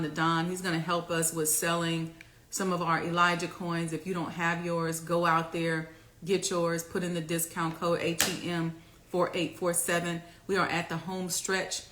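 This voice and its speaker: A woman hosting a casual talk to camera, preaching and rallying her viewers with loud, repeated exhortations. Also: lowish voice, reverberant. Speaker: host.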